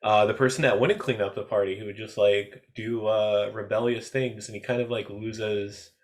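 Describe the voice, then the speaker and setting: A man's voice: lowish voice, steady tone, moderate pace. A man hosting a podcast in casual chat, hesitant, with many "uh" and "you know" fillers. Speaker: podcast host.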